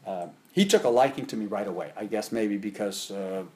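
Animated middle-aged man telling stories. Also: brisk. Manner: rambling, with frequent restarts and fillers; voice jumps up in pitch and volume when he gets animated. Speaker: martial arts instructor and interview guest. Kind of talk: casual storytelling in an interview.

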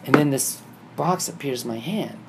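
A man casually telling a vivid dream story, acting out the scenes and getting animated and higher when excited. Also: moderate pace, vocal fry. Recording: noisy background ambience.

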